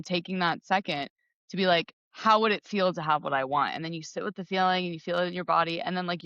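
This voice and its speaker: A woman's voice: low-pitched, fairly bright tone, dry recording, muffled recording. A woman hosting a podcast, upbeat and affirming in a casual conversational chat. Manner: upbeat, lots of affirming mm-hmms. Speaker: podcast host.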